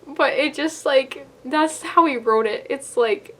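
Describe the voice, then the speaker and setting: A woman's voice: high voice, unhurried, a bit bright, a little hiss or hum. A young woman in a casual book review vlog, rambling with lots of fillers and laughing often as she talks. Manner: giggly, laughs often while talking. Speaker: book vlogger.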